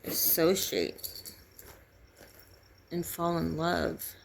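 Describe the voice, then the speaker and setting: A middle-aged woman telling a painful personal story in halting, grieving, raw speech. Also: low-pitched, vocal fry, slight background noise. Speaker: vlogger sharing a personal story. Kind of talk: candid personal testimony.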